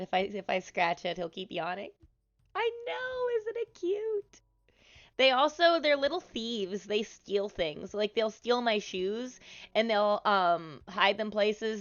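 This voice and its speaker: A woman live streaming from the office room of her apartment over a headset mic, chatting slowly and softly with viewers and cooing to her pet. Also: mid-range voice, lo-fi sound. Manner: slow, soft-spoken and chatty, cooing baby talk to her pet. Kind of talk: casual live-stream chat. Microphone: headset microphone.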